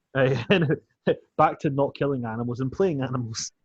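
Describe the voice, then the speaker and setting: A man's voice: mid-range voice, animated, husky, no echo. Jokey man on a dull lo-fi mic. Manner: jokey, swearing, quick to laugh. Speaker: player. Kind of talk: casual chat at a tabletop game.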